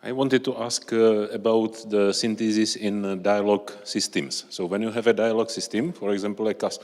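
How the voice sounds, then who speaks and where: A man moderating a lecture session, asking the speaker a measured, explanatory question. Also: fairly low pitch, steady tone, a little mellow. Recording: lecture hall with long reverb.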